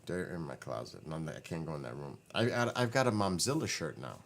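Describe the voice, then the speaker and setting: Speaking fast in a very deep, slightly bright voice with lively intonation, a weary streamer rambles at home in his living room. He keeps correcting himself and responding to chat while his voice tires.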